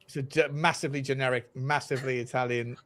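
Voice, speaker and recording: A man's voice: medium pitch, fairly even intonation, quick pace, fairly bright tone. A man hosting a casual football fan show, chatty and swearing freely. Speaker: podcast host.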